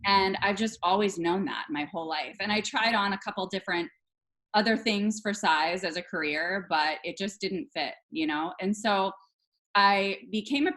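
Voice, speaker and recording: A woman's voice: mid-range voice, normal speed, fairly bright tone. A middle-aged woman, a therapist and healer, chatting as a guest on a talk show, bubbly and gushing, saying "like" often. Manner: bubbly, gushing, says "like" a lot. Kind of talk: casual interview chat.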